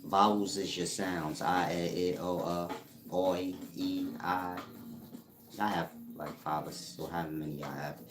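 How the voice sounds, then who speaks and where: A man giving a casual spiritual teaching monologue, drawling slowly and using street slang. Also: low voice, steady tone, music in the background. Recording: roomy echo.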